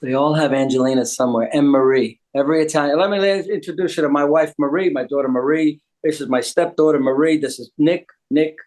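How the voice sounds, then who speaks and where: Man, older, wisecracking, casual chat, slightly high voice. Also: fairly even intonation, quick pace, hardly any pauses, a little mellow. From United States. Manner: joking, wisecracking. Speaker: guest.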